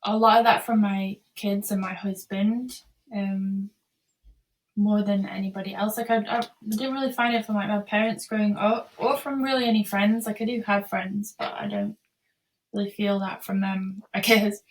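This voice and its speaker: A woman's voice: mid-range voice, steady tone, moderate pace, distant mic, a little hiss or hum. A woman who is a podcast guest, speaking in an earnest, reflective way in a casual interview.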